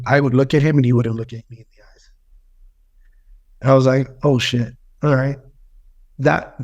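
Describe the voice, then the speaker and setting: A man in his thirties tells a story on a podcast. His voice sits at an ordinary middle pitch. He talks with raw emotion and swears freely. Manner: emotional, heavy swearing, animated retelling. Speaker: podcast guest. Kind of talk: casual storytelling.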